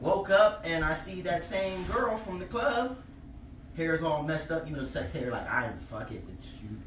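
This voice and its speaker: A man performing a stand-up comedy set, telling animated stories, acting out other people's lines and often laughing at his own punchlines. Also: high-pitched, a little slow. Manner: animated storytelling, acting out quotes, frequent laughter. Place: comedy venue stage. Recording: echoey live room, mic heard from a distance, loud background noise. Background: audience laughter.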